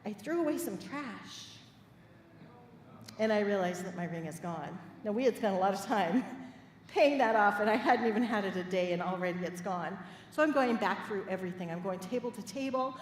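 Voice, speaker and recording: A middle-aged woman minister preaching a sermon, telling personal stories in a lively, playful way and laughing with the congregation. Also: mid-range voice, normal speed. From Midwest United States. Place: church sanctuary. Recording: echoey hall with faint room noise.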